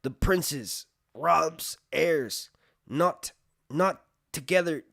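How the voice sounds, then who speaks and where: Guy reading as a dying old maester, strained and snarky, a bit higher and louder than his normal. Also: lively intonation, extremely slow, gravelly, no room sound, studio quality, heavily acted. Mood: urgent. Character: dying old male maester, frail but wry. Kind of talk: casual book reading aloud.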